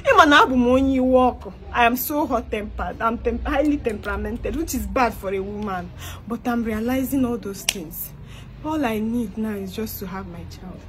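A skit performer with a high voice delivers a comedic monologue, pleading and begging in Igbo-inflected Nigerian English at a normal pace over slight background noise. She keeps repeating herself and mixes Igbo into her English.

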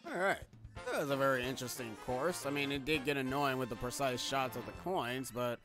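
A man talking his way through a game on a live stream, rambling from thought to thought with dry, wry asides. His voice sits at an ordinary middle pitch. Game music plays clearly behind him the whole time. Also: brisk. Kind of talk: casual gameplay commentary. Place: home streaming setup.

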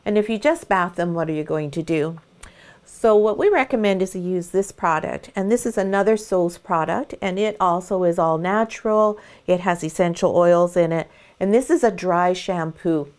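A middle-aged woman, a dog breeder, giving a gentle, calm demonstration of how to groom a puppy. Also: on the low side, normal speed. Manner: sing-song baby talk to the puppy.

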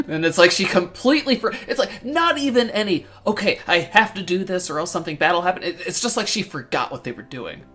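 A podcast co-host in casual discussion, playful and retelling scenes in quick bursts. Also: medium pitch, animated, fairly bright tone, faint music behind.

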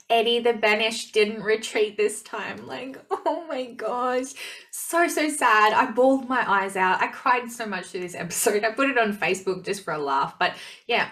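A woman's voice: medium pitch, fairly bright tone. A woman reviewing a TV show in casual chat, emotional and gushing, often repeating words for emphasis.

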